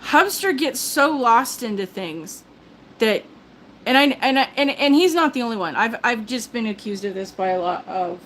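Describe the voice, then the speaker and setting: A woman's voice: on the high side, expressive, normal speed, fairly bright tone, a little hiss or hum, low-quality recording. An older woman hosting a live stream, chatting casually and rambling with lots of restarts; she calls herself a big talker. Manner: chatty, self-described talker, many restarts.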